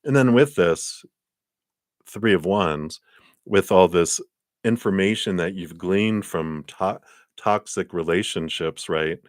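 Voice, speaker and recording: Deep-voiced man giving a tarot reading. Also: slow, no echo, clean studio sound. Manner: animated storytelling with acted quotes and sound effects. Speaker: tarot reader. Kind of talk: live-stream tarot reading. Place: indoors.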